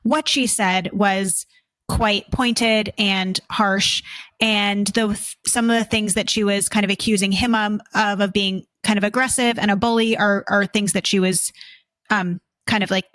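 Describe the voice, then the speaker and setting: A woman's voice: medium pitch, fairly even intonation, unhurried, a bit bright, no room sound. A woman co-hosting a casual recap chat, thoughtful and a little hesitant, with many fillers. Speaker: therapist co-host.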